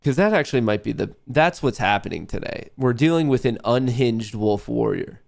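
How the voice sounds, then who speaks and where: A man's voice: mid-range voice, lively intonation, normal speed, gravelly. A man hosting a live trading stream, talking in a casual, rambling and profane way with a nasal voice. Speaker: livestream trading show host. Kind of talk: casual livestream chat while trading.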